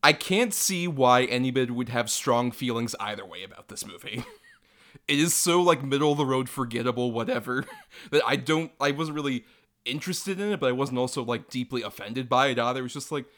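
A man's voice: medium pitch, lively intonation, a little fast, fairly bright tone. A man co-hosting a casual movie review podcast, rambling with lots of "like" and hedging asides. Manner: rambling, filler-heavy. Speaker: podcast co-host.

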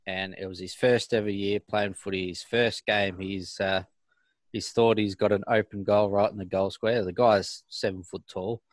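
A man's voice: fairly low pitch, fairly even intonation, moderate pace, dry recording. A man co-hosting a casual podcast, telling stories in an easygoing way. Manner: easygoing storyteller. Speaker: podcast co-host.

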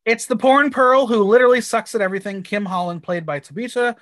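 A woman's voice: on the high side, quick pace, no room sound, clean studio sound. A woman from the United States co-hosting a podcast, recapping a TV episode in blunt, crude, playful chat with exaggerated reactions. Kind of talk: casual chat.

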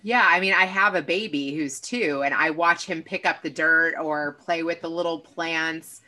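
A woman's voice: sits low, fairly even intonation, pushed and bright, soft background music. A woman in her thirties from Kentucky, hosting a casual interview and asking curious follow-up questions. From Kentucky, USA. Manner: curious, reacts with quick questions. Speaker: podcast host.

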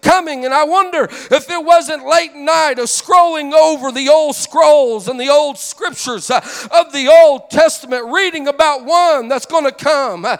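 A man preaching a fervent sermon, breaking into shouts and a sing-song cadence, with many "uh" fillers. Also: extremely high pitch, measured pace, hardly any pauses. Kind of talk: impassioned sermon.

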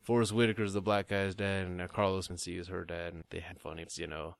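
A man's voice: low-pitched, level tone, fast talker, creaky, no echo. A man in casual, profane movie chat, rambling and acting out scenes.

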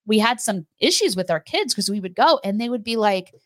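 A woman co-hosting a faith show, talking casually with her husband, animated and quick to laugh. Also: mid-range voice, no room sound. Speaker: co-host of a faith teaching show.

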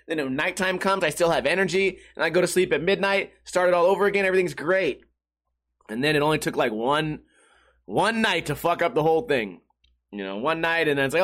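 A man's voice: a little high, fairly bright tone. A man hosting a podcast, telling a rambling, profane, self-mocking story in a casual monologue while sweating in a hot room. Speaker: podcast host.

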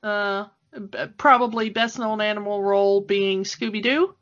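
In a dull, lo-fi recording, a woman co-hosting a podcast chats about a cartoon film at normal speed. Her mid-range voice is a bit bright with fairly even intonation, and she's gushing and enthusiastic, full of fillers.

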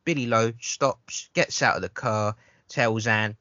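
Bright, forceful man ranting casually. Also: on the low side, unhurried, no room sound. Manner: rambling, profane, stammers on restarts. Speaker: podcast host. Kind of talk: casual film review chat. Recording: dull lo-fi sound.

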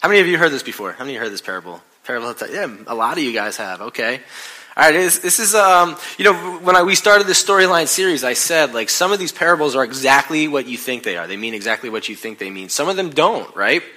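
Animated, bright-voiced male pastor. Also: medium pitch, fast, low-quality recording. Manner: animated, joking storyteller. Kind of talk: sermon. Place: church stage.

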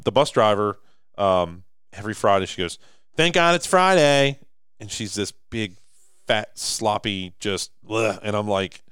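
A man in his thirties co-hosting a podcast, telling stories with lively acted-out quotes. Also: fairly low pitch, clear, resonant tone, dry recording, studio quality. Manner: animated storyteller, acts out quotes. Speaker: podcast co-host. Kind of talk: casual podcast chat.

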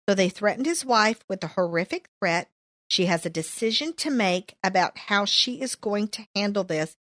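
A woman's voice: mid-range voice, expressive, normal speed, a bit bright, no echo, clean studio sound. A woman leading a casual Bible study, reading verses aloud and adding her own comments. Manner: reads verses then comments, playful asides.

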